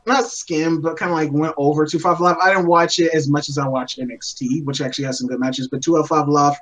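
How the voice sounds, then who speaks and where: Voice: mid-range voice, steady tone, fairly quick, a bit bright. A participant chatting casually on a video call, laughing a lot and swearing freely. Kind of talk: casual chat.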